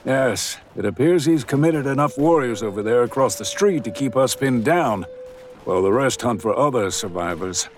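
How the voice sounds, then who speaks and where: Man doing a cool saloon-owning gambler, measured, formal, mid-range voice, western audiobook. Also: medium pitch, expressive, close to an everyday voice. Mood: dry. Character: cool, refined male gambler and saloon owner.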